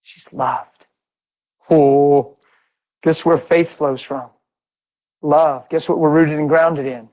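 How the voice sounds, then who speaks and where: A man's voice: fairly high pitch, fairly even intonation, slow pace, long pauses, a little mellow, poor audio. A middle-aged man from Pennsylvania giving a conversational sermon full of stories. He speaks emphatically and fires off rhetorical questions that he answers himself. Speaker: preacher.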